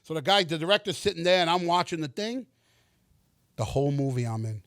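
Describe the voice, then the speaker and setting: A middle-aged actor telling stories in a casual interview, animated, acting out the dialogue and swearing freely. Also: male voice, fairly high pitch, brisk, no echo, clean studio sound.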